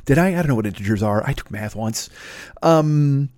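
A man's voice: mid-range voice, animated, moderate pace, darkish tone, dry recording, studio quality. A man hosting a solo podcast, talking in a casual, rambling, heavily profane way with frequent stumbling restarts. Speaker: podcast host.

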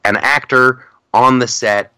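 A man's voice: medium pitch, steady tone, slow, sharp tone, smooth, no room sound. A middle-aged man hosting a podcast in casual chat, rambling with many restarts and frequent laughter. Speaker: podcast host.

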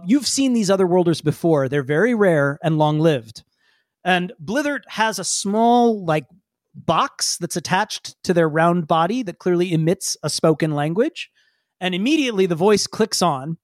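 A woman's voice: lowish voice, dry recording, clean studio sound. A woman narrating as game master of a tabletop role-play, talking loosely with many fillers. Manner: animated, voices many characters, frequent fillers.

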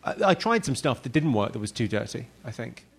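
Brief: British male comedian guest, middle-aged, mid pitch, dry self-mocking chat. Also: very animated, brisk, creaky, slightly rough. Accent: British English. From United Kingdom. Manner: wry, self-mocking, laughs at his own lines. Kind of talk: casual podcast chat.

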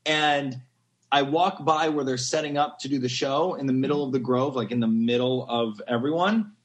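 A man in his thirties, a podcast guest, telling a story in a casual, animated, gushing way and acting out the quotes. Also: mid-range voice, normal speed.

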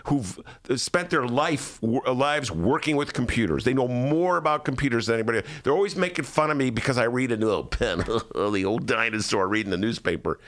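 Speaking briskly with hardly any pauses, a mid-voiced man hosts a podcast and spins funny stories, lively in manner and impersonating the people involved.

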